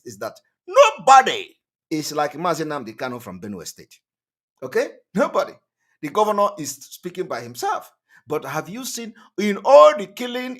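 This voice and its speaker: A man hosting an online channel, delivering emphatic, repetitive political commentary that rises to loud outbursts. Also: high voice. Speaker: online TV host.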